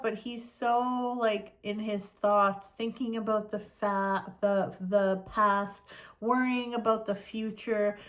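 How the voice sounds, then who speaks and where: A woman giving a casual tarot reading, chatty and expressive as she talks through the cards. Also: mid-range voice. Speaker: tarot reader.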